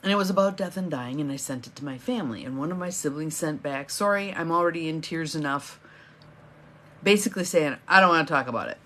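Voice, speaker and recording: Lower-voiced woman coaching a live morning stream. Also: quick pace. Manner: warm encouraging, chatty, greets viewers by name. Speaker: empowerment coach hosting a live morning session. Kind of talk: live-stream talk greeting viewers.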